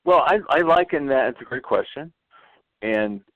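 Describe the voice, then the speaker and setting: A man guesting on an interview show, telling stories with lively delivery and acting out the dialogue he quotes. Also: medium pitch, moderate pace, no room sound. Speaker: author guest. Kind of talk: animated storytelling on an interview show. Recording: tinny phone line, dry.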